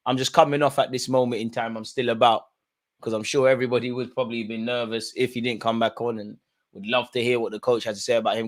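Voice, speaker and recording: A man giving live, slangy watch-along commentary on a football match, jumping from low asides to loud outbursts. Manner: excitable, slangy, swings from mutters to shouts.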